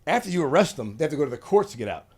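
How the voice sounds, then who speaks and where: A man's voice: on the high side, very animated, very fast, husky. A man hosting a podcast in casual, crude chat, swearing often. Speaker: podcast host.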